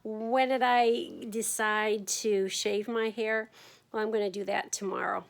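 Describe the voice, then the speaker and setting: A woman's voice: medium pitch, fairly even intonation, vocal fry. Tired woman talking to camera at home. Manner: frequent ums, yawning, tired and unhurried. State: fatigued from chemotherapy. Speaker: vlogger sharing her chemotherapy journey. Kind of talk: casual personal video diary.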